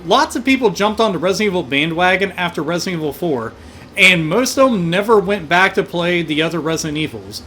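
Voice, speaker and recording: A man hosting a gaming livestream, ranting in animated, profane casual chat and thanking donors. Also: high voice, a little hiss or hum.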